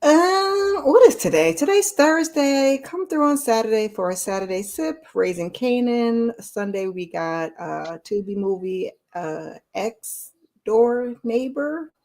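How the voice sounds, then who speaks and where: Laid-back guest: a woman who talks slowly and evenly, drawing out her words. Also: on the high side. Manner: relaxed, drawn-out, tired-sounding. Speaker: guest reviewer. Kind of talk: casual live-stream chat.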